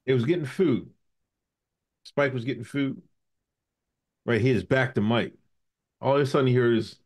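A man hosting a casual podcast, telling stories with animated, profane banter. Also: sits high, normal speed, pauses often. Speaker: podcast host.

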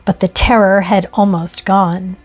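A woman reading a ghost story aloud in a measured, expressive way. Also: mid-range voice, soft background music. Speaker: narrator. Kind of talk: scripted ghost story narration.

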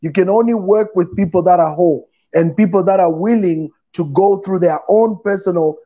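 Lively, laughing pastor on a call. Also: male voice, high voice, moderate pace. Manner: animated, laughing, acts out voices in his stories. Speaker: pastor and show host. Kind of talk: casual online chat. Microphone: video call. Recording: dull lo-fi online call audio.

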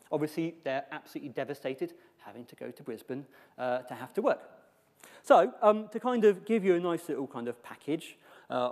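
A man's voice: on the high side, darkish tone. A man giving a conference presentation with wry, joking asides. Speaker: conference speaker. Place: large lecture hall. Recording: echoey hall reverb.

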